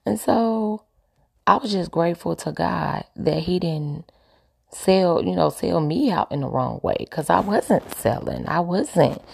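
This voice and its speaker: A woman's voice: fairly low pitch, lively intonation, unhurried, gravelly, a little mellow, husky. A woman telling a personal story candidly, emphatic and repeating her points with preachy asides.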